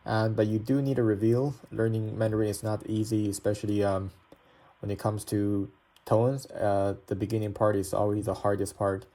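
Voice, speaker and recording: A man's voice: on the low side, flat delivery, normal speed, warm tone. A man from China with a Chinese accent, a native Chinese speaker teaching a pronunciation lesson and patiently repeating sounds to demonstrate them. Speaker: language teacher.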